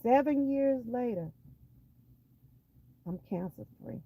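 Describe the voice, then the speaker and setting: A woman's voice: medium pitch, animated, measured pace, pauses often, narrow, tinny audio. A woman with a Southern US accent from Georgia, giving an emphatic personal faith testimony and repeating phrases for weight. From Georgia, USA. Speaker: vlogger sharing a testimony.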